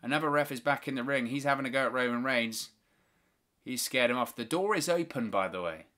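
A man's voice: medium pitch, fairly quick, pushed and bright. A man hosting a live watch-along, giving play-by-play wrestling commentary with opinionated, exasperated asides.

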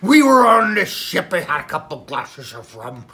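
Amid crowd noise, a woman plays a boastful old male pirate captain in a comedy sketch, spinning a rambling, theatrical yarn with excitement. Her gravelly voice runs on the low side, sing-song, at normal speed.

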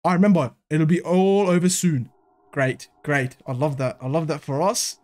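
A man's voice: a little high, steady tone, normal speed, darkish tone. A young man giving panicky, swearing commentary while playing horror games, jumping between fear and mocking jokes. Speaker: gaming video creator.

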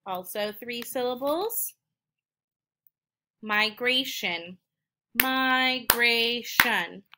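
A woman teacher reading each word slowly and twice, then clapping out the syllables. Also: fairly high pitch, noisy background. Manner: slow, deliberate, repeats each word twice. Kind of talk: slow word-by-word reading lesson.

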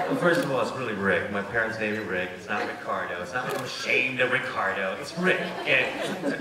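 A man's voice: medium pitch, normal speed, pauses often. A man, an actor and writer on a panel, telling comic anecdotes and acting out the voices in them, laughing often. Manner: animated, acts out voices in his stories, laughs often. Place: event space with audience. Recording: echoey room, distant mic, background noise.

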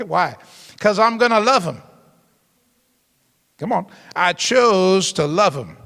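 A male pastor delivers an emphatic sermon to a youth group, prodding the listeners with quick call-and-response asides. His voice sits somewhat high for a man and carries a gravelly edge. The sound hangs in a long hall reverb. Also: animated, bright, forceful tone. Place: church hall.

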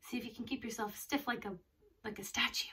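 Bright, high woman leading kids' yoga. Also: steady tone, fast talker. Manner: encouraging, simple words for children. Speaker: yoga teacher for children. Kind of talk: reading a picture book and leading kids' yoga. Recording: distant mic, faint background noise.

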